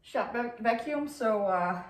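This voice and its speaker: Slow, chatty woman filming a DIY vlog. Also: on the high side, expressive. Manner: chatty, self-talking while working, many fillers and restarts. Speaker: DIY vlogger. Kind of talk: casual DIY vlog narration while working. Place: living room under renovation, indoors.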